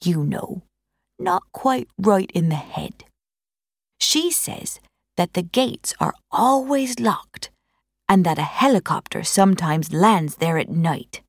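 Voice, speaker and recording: A woman reading a novel aloud, voicing an old male countryman who passes on local gossip in a slow, emphatic way. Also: lowish voice, sing-song, breathy edge, no room sound, studio quality, heavily acted. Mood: gossipy. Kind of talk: audiobook character reading.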